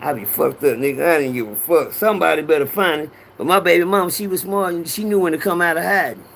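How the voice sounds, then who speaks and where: A middle-aged man hosts a casual livestream, greeting viewers by name and telling loose, profane stories into his phone. His voice sits fairly high and a bit bright, with vocal fry and a quick pace. There's slight background noise behind his rambling talk.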